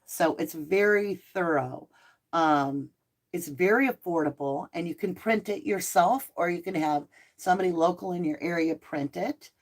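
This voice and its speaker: A woman's voice: lowish voice, moderate pace. A middle-aged woman with a mixed Southern and Northern American accent, hosting a casual live chat and answering viewer comments. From Southern United States. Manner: chatty and animated, laughing easily. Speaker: live stream host.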